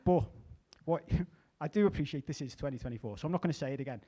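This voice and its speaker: A middle-aged man performing a stand-up comedy set, chatty with deadpan asides and small restarts. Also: fairly high pitch, fast talker. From England.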